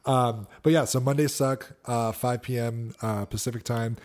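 A man's voice: medium pitch, fairly even intonation, normal speed, a little mellow. A man co-hosting a podcast in casual chat, laid-back and swearing freely. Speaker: podcast co-host.

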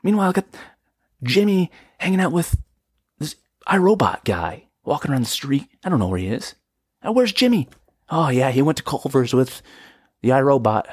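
Young male podcast host, husky and dry, lively comic rant that keeps leaping into squeaky outrage. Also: normal speed, no echo. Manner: exasperated ranting with sudden high-pitched outbursts. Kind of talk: comedic solo podcast rant. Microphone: podcast microphone.

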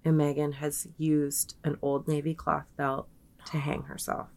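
A woman's voice: low voice, flat delivery, unhurried, a little mellow. A young adult woman co-hosting a podcast, casually retelling a story, peppering it with "like" and quoting people in her own voice. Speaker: podcast co-host.

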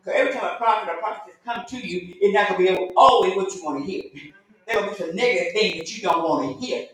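A woman's voice: mid-range voice, racing, a bit bright. Woman teaching sunday school, chatty and folksy, mic far off, room full of echo. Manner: conversational, folksy, acts out quoted voices. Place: church room.

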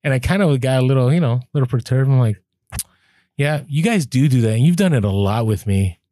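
Podcast co-host, male, storyteller who acts out dialogue, lively delivery, dry mic. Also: mid-range voice, fast talker, dry recording. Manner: animated storyteller, acts out quoted exchanges. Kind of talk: casual chat.

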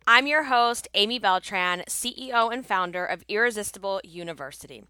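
A congested woman hosts her own casual podcast, chatty and upbeat. Her voice is bright and crisp despite the stuffiness. The recording is dry, with no room sound. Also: medium pitch, lively intonation, a little fast, no room sound. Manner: chatty, upbeat, laughs often. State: congested from allergies. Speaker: podcast host and coach.

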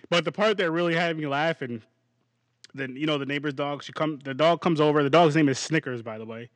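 A man hosting a podcast, chatting casually about a movie in a rambling, animated way and laughing often. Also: a little high, a little fast, dry recording. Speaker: podcast host. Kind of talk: casual movie review chat.

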